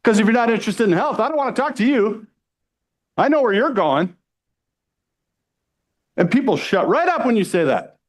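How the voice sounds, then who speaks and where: Middle-aged male sales trainer, fairly high voice, energetic and pushy, live in front of a room. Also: moderate pace, long pauses. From United States. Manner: energetic, salesy, keeps asking "right?".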